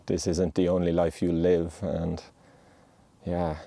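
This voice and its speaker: A man giving a heartfelt, motivational monologue outdoors on a mountainside. He speaks in an earnest, gentle and reassuring way. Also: deep voice, completely flat delivery, slow pace, creaky, no echo. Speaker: podcast host.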